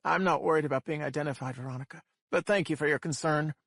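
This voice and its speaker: Audiobook villain: male reader as a calm, controlling kidnapper, condescending, slightly raised pitch. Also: fast, gravelly, no echo, clean studio sound. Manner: cold, patronizing, squawking.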